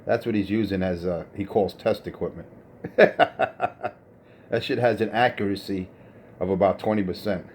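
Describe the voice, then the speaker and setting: A man's voice: on the low side, a little slow, darkish tone, a little hiss or hum. A man rants scornfully over CB radio about another operator's gear. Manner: scornful, insulting, technical ranting. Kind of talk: profane CB radio banter.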